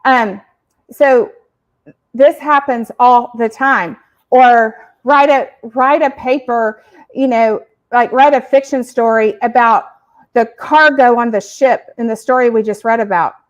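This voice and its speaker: Woman host, parenting podcast, emphatic teaching, lively delivery, slightly high voice. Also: unhurried, muffled recording. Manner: animated, emphatic, uses acted examples. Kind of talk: educational explaining.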